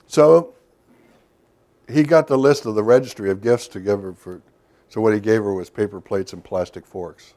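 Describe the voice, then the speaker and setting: A man's voice: fairly low pitch, moderate pace, dark tone. A middle-aged man giving a workshop lecture in a loose, storytelling way, with asides and questions to the audience. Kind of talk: recorded lecture to a professional audience.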